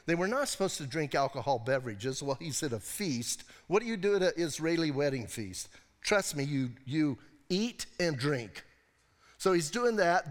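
A male pastor delivers a sermon in a relaxed, joking way, retelling scripture like a story and firing off rhetorical questions. His voice sits a little high for a man. The church sanctuary adds a long, trailing reverb.

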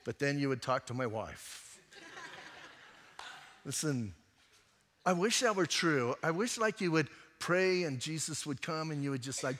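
A man who is a pastor, preaching a sermon and telling a personal story in a conversational way, moving between emphatic and hushed delivery. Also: on the high side, lively intonation, a little slow, long pauses, long reverb tail, slight background noise.

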